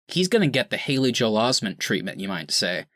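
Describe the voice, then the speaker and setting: A man co-hosting a podcast in casual banter, his voice bright and forceful. He jokes in an animated way, swinging into mock outrage, and sounds close and dry. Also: lowish voice, a little fast, no echo. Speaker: podcast co-host.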